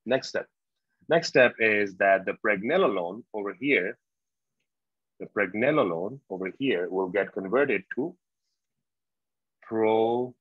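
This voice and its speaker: A man giving a medical exam prep lecture, slow and repetitive, quizzing his students as he goes. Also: fairly low pitch, animated, breathy edge, no room sound. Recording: dull, dry lo-fi lecture recording.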